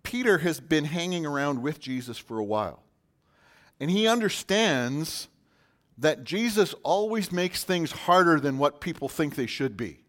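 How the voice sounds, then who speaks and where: A man preaching a sermon in a conversational way, with sudden loud emphasis on key words. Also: a little high, expressive, unhurried. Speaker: pastor.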